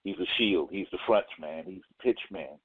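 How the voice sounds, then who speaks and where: A man's voice: deep voice, normal speed, husky, dry recording. Brief: blunt, streetwise male caller, slangy, tinny dry phone line. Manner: blunt, streetwise, slangy, restarts mid-thought. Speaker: caller on a talk radio show. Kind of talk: casual call-in commentary.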